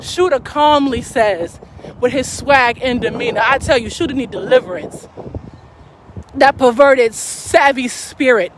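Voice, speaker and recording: Woman, high voice, fervent, preaching, calls out to audience, live stream talk. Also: animated, measured pace, background noise. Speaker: faith speaker.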